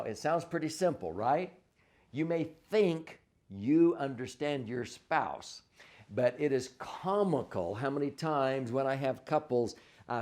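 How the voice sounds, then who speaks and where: A man coaching couples on communication, speaking at a middle pitch in an easy, conversational teaching manner. He walks through his points step by step and backs them with everyday examples. He leans on key words for emphasis and checks in with the listener as he goes. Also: darkish tone. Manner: stresses words for emphasis, frequent "uh" and "okay?". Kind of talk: instructional monologue.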